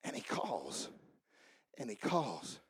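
A man preaching a sermon, swinging from shouted fiery passages to quiet asides. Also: on the low side, huge pitch swings, slow pace, husky, no room sound, clean studio sound. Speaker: pastor.

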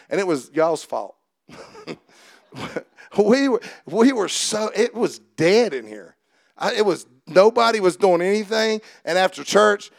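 A man preaching a sermon, mixing folksy stories with swells of shouted fervor. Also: high voice, no room sound, clean studio sound. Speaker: pastor.

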